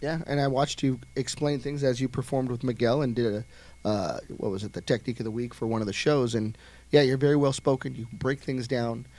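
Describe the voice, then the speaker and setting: A man with a gravelly, rough-edged voice at an ordinary pitch hosts a casual talk. He sounds relaxed and affirming toward his guest. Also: a little fast. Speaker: host. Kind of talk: casual chat.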